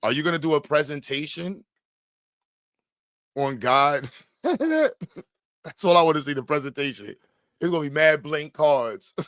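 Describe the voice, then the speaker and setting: A man riffs loosely in casual, trash-talking chat, with a voice pitched a little high and lots of laughter. His speech is slangy and playful. The recording is dry and close, with no room sound. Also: measured pace, pauses often, no echo. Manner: animated, laughing, slangy and teasing.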